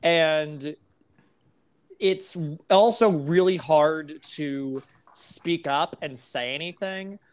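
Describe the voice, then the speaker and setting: A woman's voice: deep voice, extremely slow. A woman talking as a podcast guest in casual, candid chat, rambling with many fillers.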